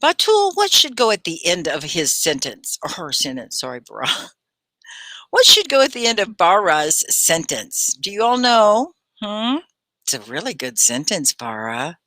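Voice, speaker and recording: A woman teaching English live online, her bright voice rising and falling in lively swoops. She chats encouragingly with her students, and the sound is close and dry, with no room around it. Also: fairly low pitch, normal speed, dry recording. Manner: warm, encouraging, chatty with viewers. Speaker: ESL teacher hosting a livestream class.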